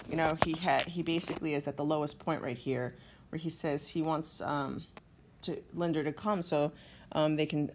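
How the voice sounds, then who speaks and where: A woman teacher walking students through a play, explaining the scenes and reading lines aloud with feeling. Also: sits low. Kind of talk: literature lesson walkthrough.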